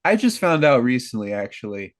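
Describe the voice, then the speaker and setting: A man's voice: medium pitch, very animated, brisk, no echo. A young American man co-hosting a casual podcast, rambling and correcting his own slips with a laugh. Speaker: podcast co-host.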